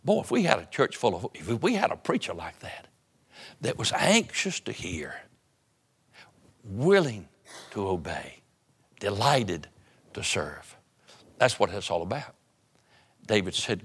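A man preaching a sermon to his church in a conversational way, repeating phrases and dropping his voice low for emphasis. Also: big pitch swings, normal speed, pauses often, fairly bright tone, slightly rough. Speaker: pastor.

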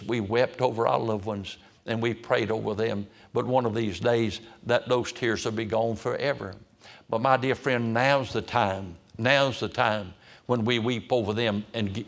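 A man who is a pastor, praying and then preaching a sermon, fervent and pleading with repeated appeals to God. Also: mid-range voice. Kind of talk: sermon with prayer.

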